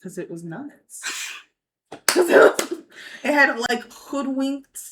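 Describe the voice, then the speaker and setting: A woman's voice: high voice, animated, slow, fairly bright tone, a little hiss or hum, poor audio. A woman streamer chatting bluntly and laughing as she reacts to videos. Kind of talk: casual reaction chat.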